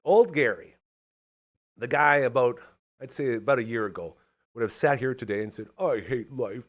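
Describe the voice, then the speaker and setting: A man hosting a podcast in casual chat, talking in an animated, fired-up, rambling way. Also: mid-range voice, normal speed. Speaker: podcast host.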